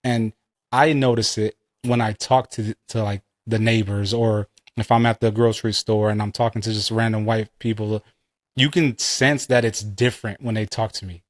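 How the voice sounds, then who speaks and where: A man's voice: on the low side, steady tone, normal speed, dry recording, studio quality. A man co-hosting a podcast, telling a story in loose, profane casual chat that wanders into tangents. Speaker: podcast co-host.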